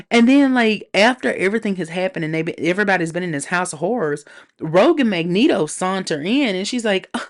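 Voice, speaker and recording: A woman casually reviewing a TV episode on her own show, animated and sassy, with playful slang. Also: lowish voice. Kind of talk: casual solo review chat.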